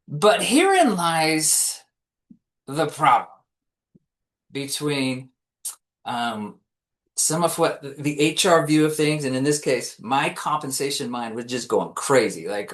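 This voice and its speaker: A man's voice: mid-range voice, animated, a little slow, a bit bright. A man presenting a business webinar in a conversational way, often restarting his sentences and acting out quotes. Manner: casual, with frequent restarts and acted-out quotes. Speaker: compensation consultant presenting a webinar.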